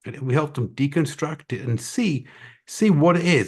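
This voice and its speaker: Husky, chatty man on a livestream. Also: on the high side, moderate pace. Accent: American-Scottish mix. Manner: energetic, chatty, many fillers and asides. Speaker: online tutoring company owner addressing parents. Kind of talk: casual live-stream talk to parents.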